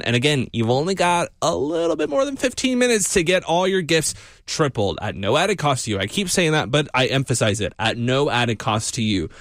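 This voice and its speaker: A man's voice: mid-range voice, fairly bright tone, dry recording, studio quality. Upbeat man hosting a radio pledge drive. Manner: upbeat, repeats key points. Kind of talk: fundraising appeal. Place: radio studio. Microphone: studio mic.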